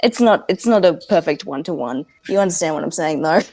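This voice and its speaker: A woman player at a tabletop game, explaining her point in halting bursts full of fillers. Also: deep voice, expressive, warm tone. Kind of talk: casual chat at a tabletop game.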